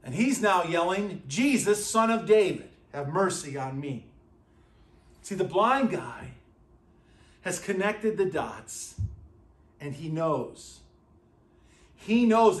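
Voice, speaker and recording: A male pastor preaching a sermon, emphatic and repeating his phrases, at times dropping to a quiet, intense tone. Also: high-pitched. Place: church sanctuary. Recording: echoey church room.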